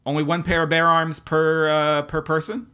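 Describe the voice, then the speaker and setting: Male co-host, mock-serious satirical rants, bright forward tone. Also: on the high side, level tone, normal speed, clean tone. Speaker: podcast co-host. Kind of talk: casual comedic chat.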